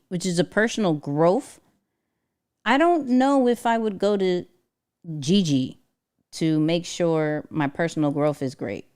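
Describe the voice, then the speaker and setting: Woman livestream host, unhurried, lively and smooth-voiced, slangy. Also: on the high side. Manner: animated, slangy, laughs often. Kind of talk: casual livestream chat.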